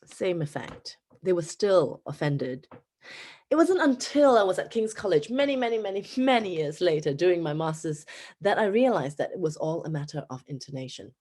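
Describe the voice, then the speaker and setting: A woman in her thirties from Singapore with a Singaporean accent, an English teacher giving a conference talk in an animated storytelling manner. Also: normal speed. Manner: animated storytelling with pitch jumps.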